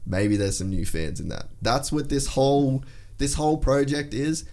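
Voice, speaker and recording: A man's voice: medium pitch, lively intonation, normal speed, a little mellow. An Australian man hosting a casual podcast, talking bluntly and swearing freely in long rambling runs. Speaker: podcast host.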